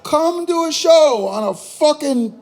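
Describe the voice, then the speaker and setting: A male stand-up comedian from New York performing a profane set on a small bar stage, ranting and swinging from low asides to loud outbursts. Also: animated, takes it slowly.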